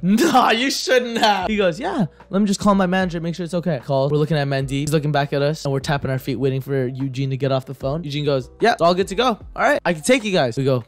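A young man telling a storytime vlog anecdote, swinging from low mutters to excited shouts. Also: quick pace, hardly any pauses, soft background music. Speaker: vlogger.

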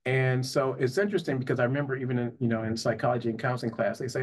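A man's voice: medium pitch, steady tone, racing, few pauses. A man, a psychotherapist and life coach, telling his personal story in an earnest, conversational way, often asking "right?". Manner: earnest, with frequent "you know" and "right?".

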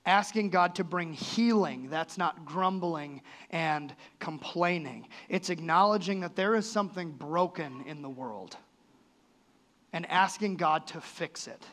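In church, a male pastor delivers a sermon a little slowly, his fairly high voice carrying a fairly bright tone. He's earnest and talks conversationally as his voice swings sharply up and down.

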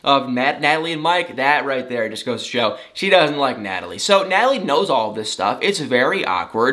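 A man with a bright, lively voice that swings all over the place. He rants sarcastically, in a casual, exclaiming gossip-vlog style. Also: a little high, a little fast, hardly any pauses. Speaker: celebrity gossip vlogger. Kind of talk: casual reality TV commentary.

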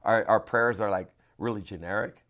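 A man, a pastor, giving a devotional sermon to camera, moving from hushed, earnest talk to loud, pleading cries. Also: lowish voice, moderate pace. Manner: passionate, swings from hushed to loud cries when quoting.

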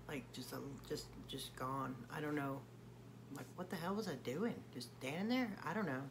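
A woman singer-songwriter talking in a personal video confession, hesitant and halting with many fillers. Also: deep voice, background noise.

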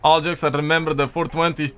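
A man's voice: a little high, level tone, quick pace, fairly bright tone, clear, resonant tone. A young man hosting a gaming livestream, chatting casually and jokingly with viewers, reading their messages in loose slang. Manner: loose, jokey, slangy, lots of "man" and "dude". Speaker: livestream host. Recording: faint music behind.

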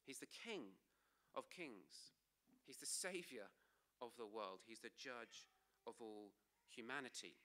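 A man preaching a sermon in church, emphatic, slowing for key phrases and dropping low and soft at line ends. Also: animated.

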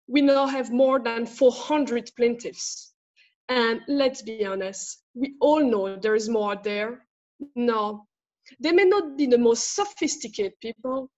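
A blunt, fed-up legal clerk, read by a woman with a French accent, speaks in a highish voice and cuts each line short. The audio is dull and lo-fi.

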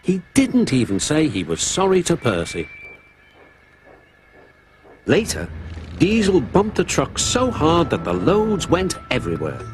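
Expressive male storybook narrator. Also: fairly high pitch, a little slow, long pauses, a little hiss or hum. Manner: expressive, lilting storyteller delivery. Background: music.

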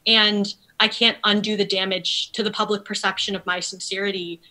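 A woman's voice: mid-range voice, little pitch movement, moderate pace, bright, forceful tone, low-quality recording. A woman guest on a podcast talking earnestly in articulate, academic phrasing, with plenty of fillers. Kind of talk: earnest conversational interview.

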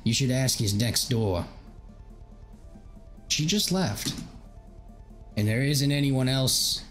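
A man's voice: medium pitch, lively intonation, takes it slowly, fairly bright tone, faint music behind. A man voicing a gossipy middle-aged woman neighbor, chatty and disapproving.

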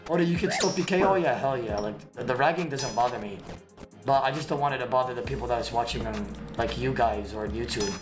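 A man commenting live on his gameplay as a streamer, trash-talking in slang and bursting into sudden shouts. His voice sits in an ordinary middle pitch. It bounces around a roomy, echoey space while music plays clearly underneath. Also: brisk. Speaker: game streamer. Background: background music.

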